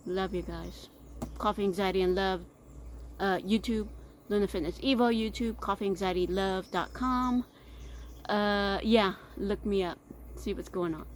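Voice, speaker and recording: A podcast host from Texas, middle-aged and Texan-accented, wanders through a casual chat show, tripping over her words as she goes. She speaks unhurriedly in a mid-range, fairly bright voice with fairly even intonation, and there's a little background noise.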